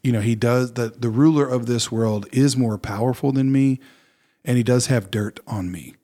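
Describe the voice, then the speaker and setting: A man's voice: medium pitch, normal speed, warm tone. A man in casual conversation on a faith podcast, thinking aloud in an earnest, reflective way. He often circles back with fillers and restarts.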